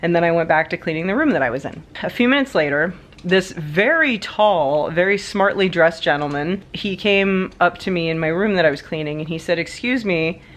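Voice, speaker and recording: A woman vlogger telling a story to her viewers in a chatty, animated way, laughing often and adding many asides. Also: lowish voice, brisk. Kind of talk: casual storytelling to camera.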